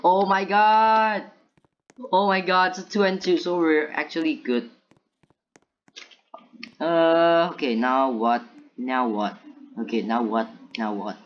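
A woman gives live gameplay commentary, jumpy and panicky, talking both to herself and to her opponent. Her voice is very deep with fairly even intonation, unhurried and full of pauses. The dull lo-fi mic picks up faint noise.

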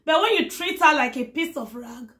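A woman vlogger with a hoarse voice, talking warmly and effusively to her followers, blessing them and repeating her words. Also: sits high, animated, moderate pace, slight background noise. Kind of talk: casual talk to followers.

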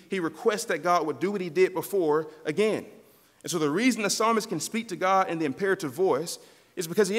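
A man's voice: high voice, a bit bright, in a large hall. A pastor preaching a sermon in a church, earnest and direct, often turning to his listeners as "church". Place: church sanctuary.

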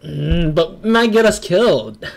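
Let's play host, male, slightly high, very animated, laughs constantly. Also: a little slow, vocal fry, a crowd in the background. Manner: laughs a lot, teasing and chatty. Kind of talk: casual gaming commentary.

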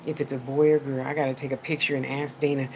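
A woman medium gives a live-streamed psychic reading from a room at home. Her voice sits low. She talks in an affectionate, rambling way and laughs often, and faint noise hums under her. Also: flat delivery, fast, a little mellow.

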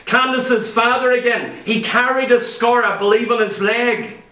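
A man's voice: very high-pitched, fairly even intonation, measured pace, bright, forceful tone. A man preaching a sermon to a congregation. He speaks emphatically, fires off rhetorical questions and acts out the voices of the people he quotes. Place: church hall. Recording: echoey church hall, voice from far off.

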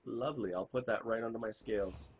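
Man, gaming streamer, husky hoarse voice with a cold, rambling chatty talk, dull muffled lo-fi sound. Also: fairly low pitch, fast talker. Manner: chatty, rambling, self-interrupting. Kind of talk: casual chat while gaming.

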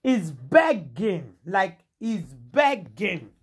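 A woman's voice: lowish voice, sing-song, extremely slow, breathy edge. A Nigerian woman delivering dramatic celebrity gossip in Pidgin English, theatrical and full of exclamations and repetition.

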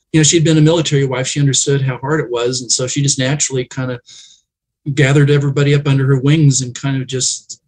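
A man's voice: mid-range voice, slightly rough, low-quality recording. A man, a guest on an interview show, telling reflective and emotional family stories in a conversational way.

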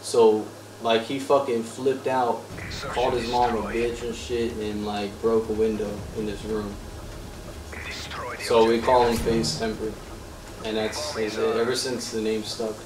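A man's voice: on the low side, little pitch movement, measured pace. A man in casual gaming chat, trolling online and telling crude joking stories. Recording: distant roomy mic with loud game noise.

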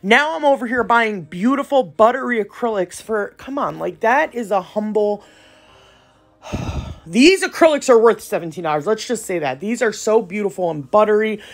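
A woman's voice: medium pitch, expressive, normal speed. A woman nail tech, chatting playfully through a casual voiceover tutorial in slangy talk.

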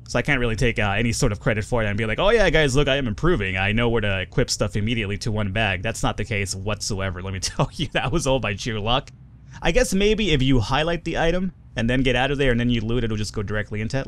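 A young man chatting casually through a survival game, swearing often and jumping up in pitch when excited. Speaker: gaming video host. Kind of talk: casual let's play commentary.

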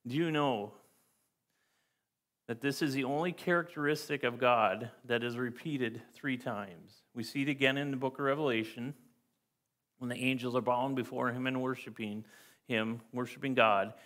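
A man delivering a church sermon in a voice of ordinary pitch. He sounds earnest and emphatic, reading scripture aloud and coming back to key words again and again for weight. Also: moderate pace, a bit bright. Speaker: pastor.

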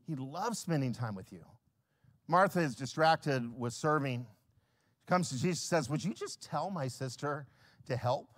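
A male pastor preaching a sermon, swinging from hushed lines to loud acted-out scenes. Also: fairly high pitch, expressive, moderate pace. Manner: acts out little scenes in quoted voices.

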